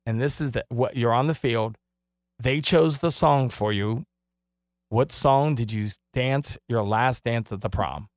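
A man co-hosting a radio talk show, interviewing guests with loud enthusiasm. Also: medium pitch, a little slow, no room sound. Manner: enthusiastic, exclamatory. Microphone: studio microphone.

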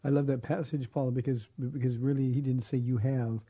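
A man, a pastor, hosting a Christian call-in radio show with relaxed banter. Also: mid-range voice, brisk, breathy edge, no echo, dull audio. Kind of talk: faith talk radio chat.

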